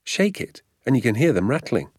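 An audiobook reader voicing an easygoing, playful father who poaches, with a calm, knowing manner. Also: medium pitch, brisk, husky, no room sound, studio quality, pitched above the performer's own voice. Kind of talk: audiobook character voice.

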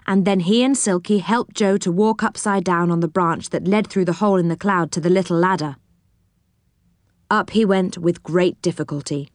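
A woman reading a children's story aloud in a gentle, unhurried storytelling manner. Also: on the low side, no echo, clean studio sound.

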